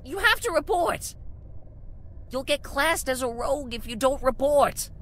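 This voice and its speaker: A woman's voice: sits high, expressive, unhurried, fairly bright tone, a little hiss or hum. A woman voicing a nervous, rule-bound phone app assistant in a video game, who stammers when flustered. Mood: worried. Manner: stammering, jittery.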